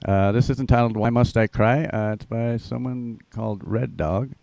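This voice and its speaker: A man co-hosting a live stream, speaking haltingly with many fillers. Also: medium pitch, gravelly, dark tone, no room sound. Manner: hesitant, filler-heavy. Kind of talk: casual chat on a live stream.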